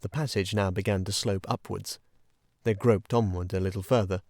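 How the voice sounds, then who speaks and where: Low-voiced male audiobook narrator. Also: steady tone, moderate pace, darkish tone, dry recording, clean studio sound. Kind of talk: scripted storybook narration.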